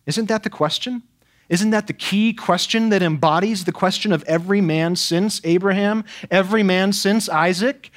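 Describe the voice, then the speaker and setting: Male preacher, voice on the high side, emphatic and rhetorical, builds through repetition. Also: expressive, moderate pace. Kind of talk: expository sermon.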